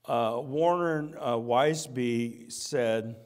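Man, preacher, sermon, unhurried, repeats phrases, church. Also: mid-range voice, darkish tone. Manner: earnest, repeats key phrases.

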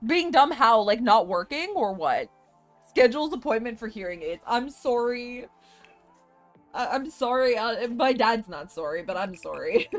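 A woman live streamer chatting casually with her viewers, chatty and expressive, laughing often. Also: fairly high pitch, a little slow, soft background music.

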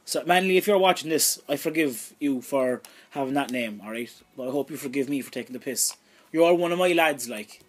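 A young Irish man commentating his own video game play, excitable and swearing freely, shouting at big moments. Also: mid-range voice, fairly quick. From Ireland. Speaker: gaming YouTuber.

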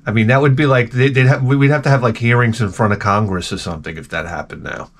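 A man's voice: medium pitch, fast. A middle-aged man telling rambling, self-mocking stories with casual swearing as a video host.

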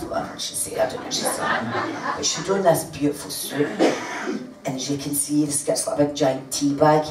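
A woman's voice: low voice, noisy background. An older woman telling a comic, rambling anecdote to a live audience, laughing as she goes. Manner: chatty, laughing, rambling storytelling. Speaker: storyteller. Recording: echoey room heard from far off. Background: loud room ambience.

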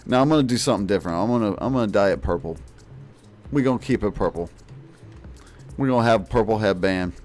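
A man's voice: fairly low pitch, quick pace, pauses often, darkish tone, faint music behind. A man doing parody streamer commentary over gameplay, boastful and mock-serious, full of jokey slang. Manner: jokey slang-filled patter. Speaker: gaming video creator.

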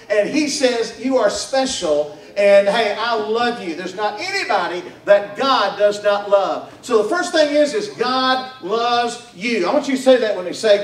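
A man presents the gospel to families, using call-and-response and folksy rhetorical questions. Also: high voice. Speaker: mission director preaching. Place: church hall at a Christmas party. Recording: echoey room, far from mic.

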